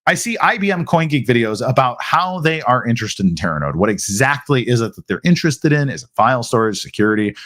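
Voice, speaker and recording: Live-stream host, American man, mid-pitch, loose conversational delivery with restarts. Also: very animated, fast talker, few pauses, a bit bright. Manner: conversational, frequent restarts, acts out quotes. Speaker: host answering viewer questions. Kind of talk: live Q&A chat.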